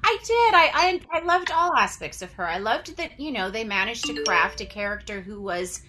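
A female actor chatting on a video call, giggling and choosing her words slowly and thoughtfully. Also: a little high, expressive, pushed and bright, soft background music. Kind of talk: casual chat.

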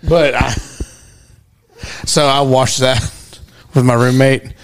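A man co-hosting a podcast in casual chat, animated and swearing freely as he acts out the people he quotes. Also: mid-range voice, slow pace. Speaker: podcast co-host.

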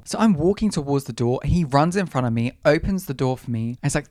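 A man's voice: mid-range voice, lively intonation, fast talker, few pauses, darkish tone, no room sound, studio quality. A young man hosting his own podcast, telling stories from his month in a sassy, dramatic way. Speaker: podcast host. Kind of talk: casual solo podcast storytelling.

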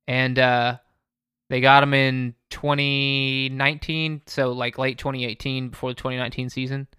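Bright, crisp-voiced podcast co-host man. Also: mid-range voice, little pitch movement, normal speed, no echo, studio quality. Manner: rambling with stammered restarts. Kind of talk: casual chat.

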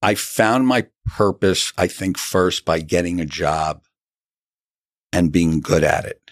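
A man's voice: sits low, takes it slowly, no echo, studio quality. A middle-aged man, an author telling his story earnestly in an interview and acting out the dialogue he recalls. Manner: earnest, acts out quoted dialogue.

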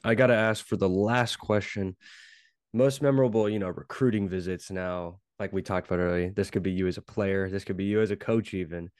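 A man's voice: sits low, steady tone, a little fast, darkish tone, clean tone, dry recording, studio quality. A young man hosting a casual interview, easygoing and affirming as he asks questions. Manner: easygoing, affirming, laughs along. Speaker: podcast host, former minor league player.

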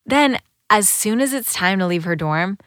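A woman's voice: fairly low pitch, expressive, moderate pace, a bit bright, dry recording. Woman narrating in a dry, close voice. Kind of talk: scripted documentary narration.

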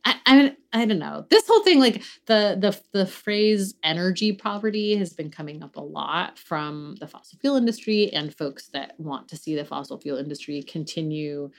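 A woman co-hosting a podcast in casual chat, blunt and quick to swear. Her voice sits a little low, and she trails off into restarts as she talks. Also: animated. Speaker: podcast co-host.

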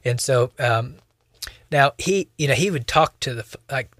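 A young man talks through a casual podcast discussion, circling his point with plenty of "like" and "you know" and restarting his sentences. His voice sits at a middle pitch and is recorded close and dry, with no room sound around it. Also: normal speed, a bit bright, no room sound. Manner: rambling, many fillers and restarts. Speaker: podcast co-host.

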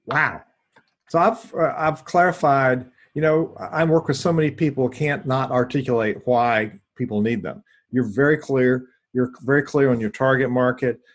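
A man's voice: medium pitch, normal speed. A man hosting an interview, affirming and summing up his guest's points in a reflective way. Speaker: interview host. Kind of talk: interview conversation.

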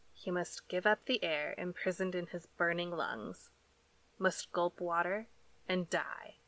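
A woman narrating a story in a measured, deliberate reading style. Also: fairly low pitch, fairly bright tone. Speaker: audiobook narrator.

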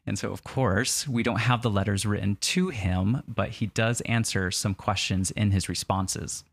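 A man's voice: on the low side, normal speed, creaky, hardly any pauses, slightly rough, no echo. A man co-hosting a casual chat, wry and joking as he reads scripture aloud. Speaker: podcast co-host.

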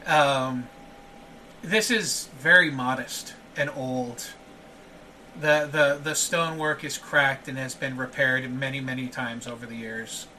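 A man's voice: mid-range voice, slow pace, pushed and bright, recorded from a distance, slight background noise. A man narrating a tabletop game as game master, hesitant with frequent filler sounds.

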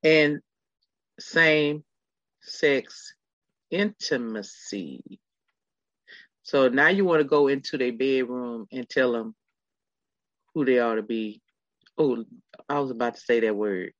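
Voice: mid-range voice, normal speed, pauses often, no room sound. A middle-aged podcast host telling a story in casual chat, talking straight to the listeners. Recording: slightly dull lo-fi sound.

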